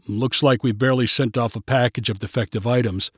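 A man voicing a calm, matter-of-fact female store manager in a read-aloud story. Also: mid-range voice, brisk, no echo, studio quality, voice pushed down, natural voice.

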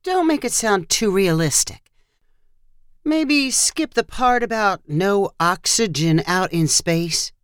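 A woman's voice: mid-range voice, lively intonation, slow pace, clean tone, no room sound. Woman as a wry storybook parent, dry delivery, close recording.

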